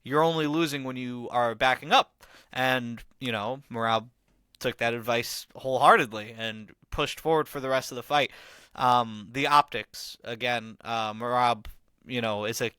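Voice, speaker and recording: Bright-voiced man in casual fight talk. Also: medium pitch, clean tone, no room sound. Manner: rambling, frequent fillers and casual slang. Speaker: podcast host. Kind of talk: casual fight analysis monologue.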